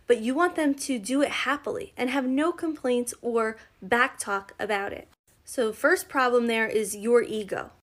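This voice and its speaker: Earnest woman giving calm parenting advice. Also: fairly high pitch. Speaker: parenting content creator. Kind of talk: advice monologue to camera.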